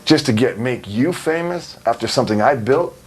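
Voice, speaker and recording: A man's voice: medium pitch, moderate pace, breathy edge. A man in his thirties giving a candid interview as a wrestler, telling stories bluntly with lots of swearing. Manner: blunt, animated storytelling with swearing and laughs. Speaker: interview guest, pro wrestler. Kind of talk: candid, profane interview talk.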